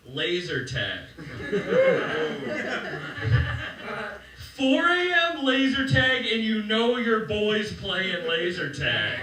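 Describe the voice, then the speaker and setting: A young man doing a stand-up set for a live crowd, telling his stories with animated delivery and acting out the quotes. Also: high-pitched. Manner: animated storytelling, acts out quotes. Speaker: stand-up comedian. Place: comedy club stage. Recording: roomy club sound, mic heard from a distance, crowd noise. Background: audience laughing.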